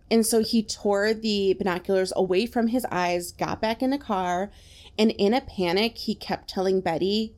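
A woman's voice: medium pitch, moderate pace, a little mellow. A woman co-hosting a podcast, casually retelling a strange story with lots of fillers. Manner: chatty, retells events with many fillers like "like". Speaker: podcast co-host telling the story.

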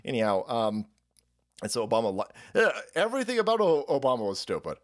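A man's voice: mid-range voice, very animated, a little fast. A man hosting a livestream, ranting crudely and laughing often. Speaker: streamer host. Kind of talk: profane livestream rant.

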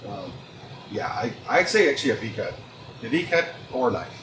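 A Texan man in an easygoing, rambling cigar chat, often doubling his words as he thinks. His voice sits at an ordinary pitch and bounces around a roomy space, with steady background noise underneath. It sounds recorded live in a small enclosed room. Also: a little fast. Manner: relaxed, rambling, repeats words. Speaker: tobacconist guest. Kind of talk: casual chat. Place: inside a train car lounge.

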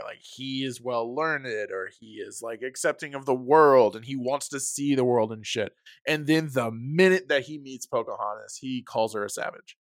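A man co-hosting a casual movie review chat, animated and casually profane. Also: mid-range voice, dry recording, clean studio sound. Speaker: podcast co-host.

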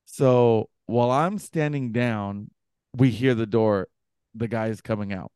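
A young man co-hosting a podcast, telling a story casually and acting out the other people's voices with big jumps in pitch. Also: measured pace, clear, resonant tone, no echo, studio quality. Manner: animated, acts out quoted voices with pitch jumps. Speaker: podcast co-host.

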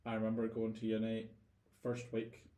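A Northern Irish man talks as a guest in a relaxed interview, his voice sitting a bit low. He is thoughtful and circles back over his words while he finds the next thought. The sound carries a noticeably roomy echo. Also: normal speed. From Northern Ireland. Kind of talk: casual interview storytelling.

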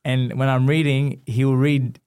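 Animated man telling a story. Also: mid-range voice, measured pace, clear, resonant tone. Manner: animated storyteller, acts out dialogue. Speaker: guest, former boxer. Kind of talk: storytelling in a casual interview.

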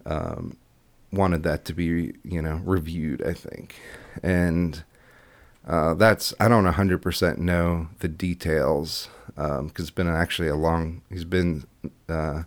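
A man with a very low voice talks as a guest on a casual podcast. He rambles, circling back with fillers and restarts as he goes. The sound is dry and close, with no room around him. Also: steady tone, takes it slowly, dry recording. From Iowa. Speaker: podcast guest, political candidate. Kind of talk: casual interview chat.

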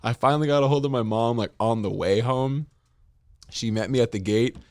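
A man's voice: mid-range voice, brisk, a little mellow, dry recording. A man casually telling a story, laughing and acting out other people's lines. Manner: laughs through his own story, acts out other people's voices. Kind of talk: casual chat.

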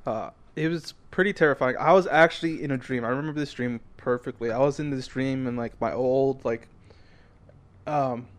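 A young man co-hosting a podcast, telling a story in a loose, animated way with lots of fillers. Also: medium pitch, moderate pace. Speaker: podcast co-host. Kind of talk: casual chat.

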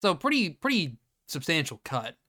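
Male podcast host, slightly higher voice, swears freely and acts out scenes as he recaps them. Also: normal speed. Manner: profane, animated retelling with quoted bits. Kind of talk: casual movie review chat.

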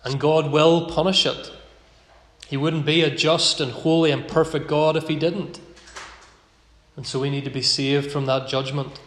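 A man's voice: a little high, level tone, a bit bright. Earnest preacher man in an echoey hall. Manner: earnest, slows down to stress key phrases. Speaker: pastor. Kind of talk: sermon. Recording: echoey hall with long reverb.

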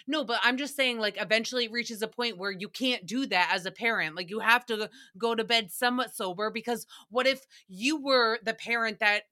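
A young adult woman hosts a casual recap podcast, talking in a loose, rambling way. Her voice sits a bit high, and its tone is bright and sharp. She swears freely and often breaks into laughter. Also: a little fast, few pauses. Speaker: podcast host.

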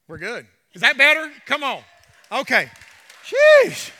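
A man preaching in a church, his voice pitched very high and ringing bright. He drives his points home with rising, emphatic shouts, then drops into joking asides with the congregation. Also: huge pitch swings, measured pace, some chatter behind. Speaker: pastor. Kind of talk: sermon. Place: church sanctuary. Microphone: handheld mic with trouble.

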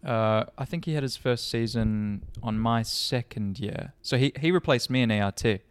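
A man's voice: medium pitch, moderate pace, clear, resonant tone, dry recording. A young man and racing driver co-hosting a podcast in casual, joking banter. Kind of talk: casual chat.

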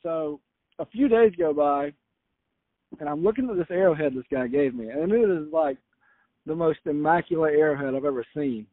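Casual storyteller from Florida, man, slightly high voice, tinny phone-like line. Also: animated, normal speed, no room sound. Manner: rambling, self-correcting with frequent "uh". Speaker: guest storyteller. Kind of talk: casual anecdote.

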